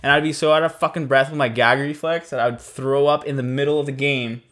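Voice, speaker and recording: A man's voice: mid-range voice, steady tone, quick pace, a bit bright. A young man co-hosting a podcast, chatting casually in a crude, rambling way, swearing often and laughing at his own stories. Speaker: podcast co-host.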